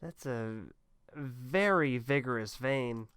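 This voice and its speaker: A man's voice: mid-range voice, slow pace, clear, resonant tone, no echo. A man giving sarcastic, mocking commentary on a wrestling clip. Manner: sarcastic, mocking, deadpan asides.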